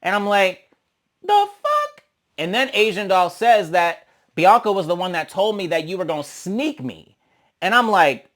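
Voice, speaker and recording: A sassy young man recaps reality TV in a loose, chatty way. His voice sits a little high for a man, and he keeps jumping into exaggerated mocking impressions of the people he's talking about. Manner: sassy, animated, swings into mocking quoted voices. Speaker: reality show recap host. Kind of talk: casual commentary recap.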